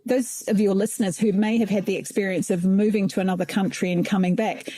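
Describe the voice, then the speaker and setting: A woman's voice: medium pitch, fairly even intonation, fast talker, dark tone, no room sound. A middle-aged woman with a New Zealand accent, a podcast guest speaking reflectively and thoughtfully. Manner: reflective, thoughtful, laughs lightly. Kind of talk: conversational interview.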